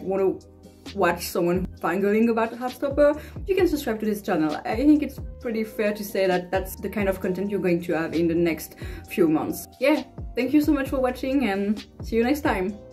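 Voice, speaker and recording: A woman's voice: mid-range voice, darkish tone. A woman vlogging a casual fan reaction, gushing and rambling with many fillers and restarts. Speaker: book vlogger.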